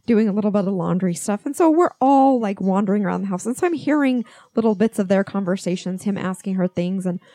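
A woman's voice: medium pitch, expressive, quick pace, few pauses, dark tone, dry recording. A middle-aged woman co-hosting a podcast, telling a family story and quoting what everyone said. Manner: chatty, quotes family members as she tells it. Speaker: podcast co-host. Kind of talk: casual storytelling chat.

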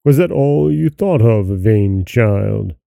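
A man voicing a proud, quick-tempered old king, speaking sternly and with wrath. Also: mid-range voice, expressive, gravelly, dark tone, no echo. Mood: angry.

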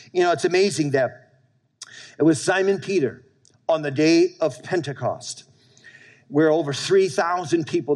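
A man's voice: mid-range voice, a little mellow. A man preaching a sermon to his church, emphatic and repetitive, often asking the congregation for an amen. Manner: emphatic preaching, repeating lines and calling for amens. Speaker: pastor.

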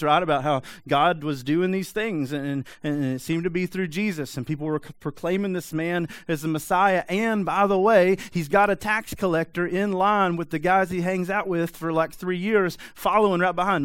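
A man's voice: high voice, brisk, hardly any pauses, no echo. Conversational male preacher. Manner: conversational, animated, rhetorical asides. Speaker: pastor. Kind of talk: sermon.

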